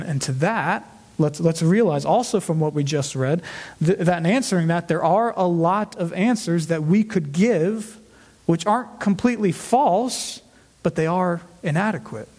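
A man's voice: on the high side, a little mellow, breathy edge. A male pastor preaching an earnest expository sermon, often repeating words as he stresses a point.

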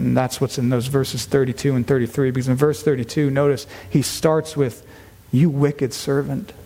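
A man preaching a sermon to his church, earnest and emphatic, slowing down to stress key words. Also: medium pitch, warm tone. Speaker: pastor. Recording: long reverb of a large hall.

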